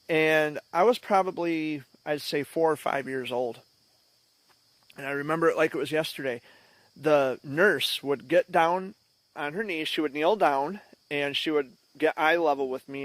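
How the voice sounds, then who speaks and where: A man's voice: on the high side, no room sound. A man in a casual, reflective, conversational telling of a childhood memory. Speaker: vlogger. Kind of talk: casual storytelling.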